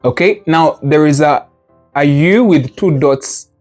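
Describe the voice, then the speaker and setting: A man's voice: on the high side, slow, a little mellow, faint music behind. Patient man teaching pronunciation drills. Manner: patient, demonstrates sounds with repetition and drills. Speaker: language teacher. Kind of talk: classroom lesson.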